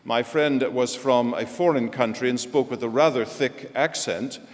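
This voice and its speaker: A man's voice: medium pitch, moderate pace. A male pastor preaching a sermon, telling stories with self-deprecating humor. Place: large church. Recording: echoey church hall.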